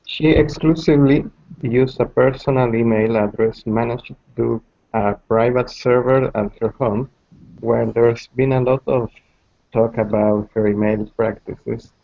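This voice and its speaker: A man's voice: mid-range voice, fairly even intonation, measured pace, gravelly, no echo, muffled recording. A male student reading a news article aloud carefully, stumbling over some words.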